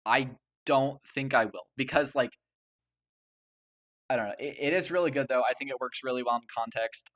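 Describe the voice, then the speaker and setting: A man's voice: mid-range voice, a bit bright. A young man gushing over a soundtrack in casual commentary, stammering and restarting with many fillers. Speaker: video host ranking a game soundtrack.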